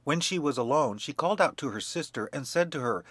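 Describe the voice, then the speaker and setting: A man narrating a fairy tale for young children in a measured, expressive reading. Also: fairly high pitch, no room sound. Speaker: storyteller.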